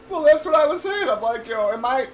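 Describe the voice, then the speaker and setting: High-voiced middle-aged man, casual profane venting, heard from across an echoey room with faint background noise. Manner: profane, blunt, laughs often. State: undergoing cancer treatment. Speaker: livestreamer. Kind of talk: casual chat. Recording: roomy echo, distant from mic, faint noise.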